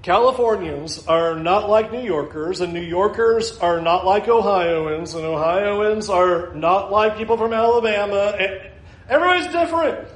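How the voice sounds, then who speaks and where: Male preacher, high voice, animated delivery, roomy echo. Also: normal speed. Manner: animated, acts out quoted voices, wide swings in pace. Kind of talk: sermon. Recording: echoey room.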